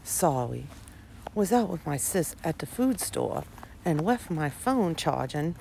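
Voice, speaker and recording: A woman reading out the text messages of a greasy grown man who sweet-talks his girlfriend, in a low, soft voice. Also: big pitch swings, slow, gravelly, a little hiss or hum, full character voice. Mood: sweet-talking.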